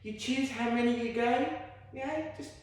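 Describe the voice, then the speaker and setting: A woman's slightly high, darkish voice moves a little slowly through a very echoey room. She's a fitness instructor leading a home workout, chatty and encouraging, with asides that make fun of herself.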